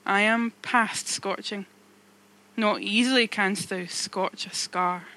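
A woman voicing a scarred, weary old blacksmith, speaking slowly and calmly with resignation. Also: mid-range voice. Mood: resigned.

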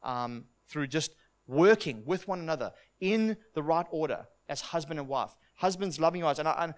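A man's voice: on the high side, moderate pace. A middle-aged man preaching a sermon in an earnest, heartfelt way, often repeating words as he starts a thought.

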